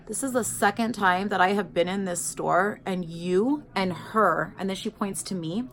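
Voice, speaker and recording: Woman vlogger, mid pitch, chatty filler-heavy storyteller, faint hiss. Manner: animated storyteller, acts out quoted people; filler-heavy, says "like" and "you guys". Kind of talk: casual chat while doing makeup.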